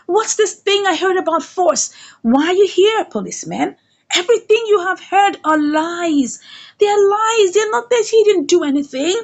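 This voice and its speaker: A woman's voice: very high-pitched, expressive, normal speed. A woman voicing a protective mother defending her son, pleading and insistent.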